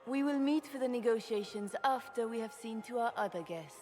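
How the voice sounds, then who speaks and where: An actress playing a gracious empress who speaks in a measured, courtly way. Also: female voice, on the high side, expressive, darkish tone, faint music behind, lightly acted. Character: gracious, poised female empress.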